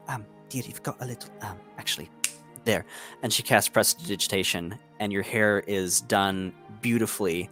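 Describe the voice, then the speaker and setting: A man narrating a tabletop game as game master, relaxed and descriptive. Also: sits low.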